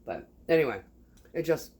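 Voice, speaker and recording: Low-voiced rambling, profane woman. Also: sing-song, normal speed, a little mellow, a little hiss or hum. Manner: rambling and profane, laughs often. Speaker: vlogger. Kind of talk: casual chat while sewing. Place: home kitchen.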